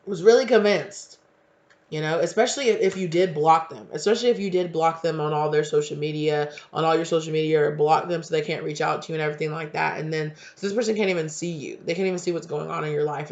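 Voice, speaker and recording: A tarot reader chats his way through a casual reading, slangy and emphatic, talking fairly quickly with fairly even intonation. His voice is on the high side with a gravelly edge. The recording has a dull, lo-fi sound.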